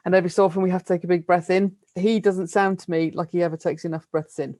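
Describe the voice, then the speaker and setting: A middle-aged British woman giving an academic plenary talk over a video call, chatty and lively, with small self-deprecating laughs. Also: on the low side, quick pace, no room sound, studio quality. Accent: British English. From United Kingdom. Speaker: lecturer. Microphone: computer mic on a video call.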